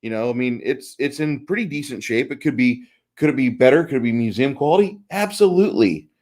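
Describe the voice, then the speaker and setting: Rambling, lively man hosting a panel. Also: mid-range voice, fairly quick. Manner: joking, rambling, with frequent restarts. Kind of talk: casual panel chat.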